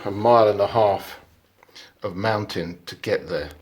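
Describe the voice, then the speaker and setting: A man's voice: lowish voice, measured pace, breathy edge. A man chatting casually in a travel vlog, rambling a little with fillers as he talks. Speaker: sailing vlogger. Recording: light background noise.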